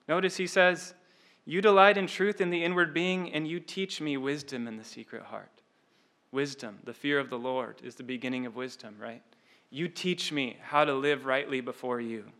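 An earnest male preacher explains scripture to his congregation. His voice sits slightly high with a bright, forceful edge. He stumbles and repeats words as he thinks aloud, leaning on "like" and "right?". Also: moderate pace. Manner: earnest, repeats words while searching, says "like" and "right?" often. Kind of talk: expository sermon.

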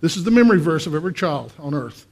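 A male pastor preaching a conversational sermon, asking the congregation questions and swinging between quiet and loud. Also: on the high side, sing-song, very fast. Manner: acts out voices in quotes, swings from quiet to loud.

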